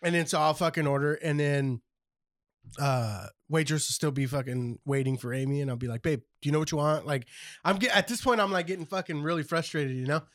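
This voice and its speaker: A man's voice: a little high, brisk, fairly bright tone, no echo, clean studio sound. A man in his thirties co-hosting a podcast in casual, profane chat, rambling and chatty, with apologetic interjections. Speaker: podcast co-host.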